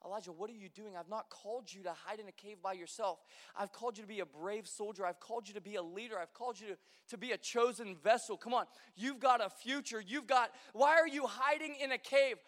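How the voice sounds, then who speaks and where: A man with a very high voice delivers an animated sermon. His words ring out with a long reverb, as in a large church hall. He slips into acted voices for the figures he quotes. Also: fast, few pauses. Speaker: pastor.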